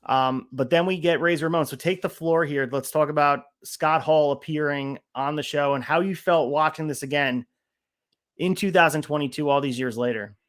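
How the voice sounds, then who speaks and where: A man on a casual podcast with a voice pitched a little above the usual. He works through his notes one point after another in an even, methodical way. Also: normal speed. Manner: methodical, walks through notes on each segment. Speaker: podcast co-host.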